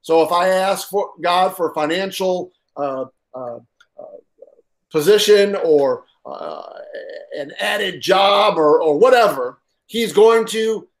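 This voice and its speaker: A man preaching a sermon as pastor, stressing points with pauses for effect, repeating key lines and often filling gaps with "uh". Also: high-pitched, animated. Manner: halting with frequent uh fillers.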